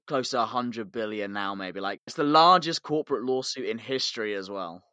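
A British man co-hosting a casual podcast, telling a story in an animated way with swearing and laughs. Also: lowish voice, brisk, smooth, no room sound. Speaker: podcast co-host.

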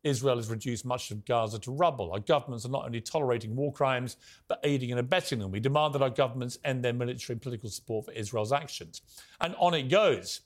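British male TV host, forceful and indignant, rhetorical and combative. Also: mid-range voice, fast talker. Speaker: TV talk show host. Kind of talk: opinionated monologue and interview.

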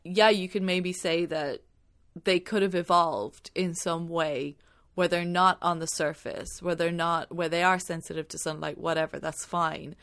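A woman's voice: fairly low pitch, steady tone, a little slow, fairly bright tone. A woman co-hosting a casual movie review podcast, rambling with lots of "like" and swearing when annoyed. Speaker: podcast co-host.

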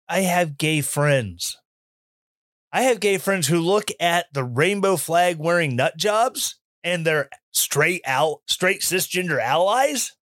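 A man giving opinion commentary in an animated, sarcastic rant, mimicking people he mocks. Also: high-pitched, dry recording, studio quality. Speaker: commentary host.

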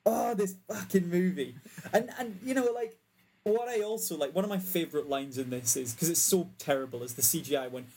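A man's voice: a little high, fairly quick, dark tone, husky. A man in casual chat, often laughing as he retells film scenes.

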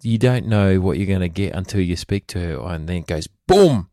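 Deep-voiced man, joking. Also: fairly quick, mellow, no room sound, clean studio sound. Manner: joking, teasing. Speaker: podcast co-host. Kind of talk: casual chat. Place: bedroom. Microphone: headset mic.

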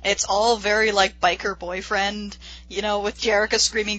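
A woman co-hosts a casual recap podcast and drops in dry, wry remarks. Her voice is bright and forward and sits at a medium pitch. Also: flat delivery, moderate pace, dry recording, rough recording. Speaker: podcast co-host.

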